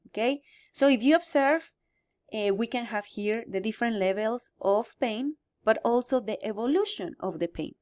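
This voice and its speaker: Higher-voiced teacher, muffled lo-fi sound. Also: female voice, expressive, normal speed, darkish tone. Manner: explains step by step, asking and answering her own questions. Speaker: English teacher. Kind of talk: recorded grammar lesson.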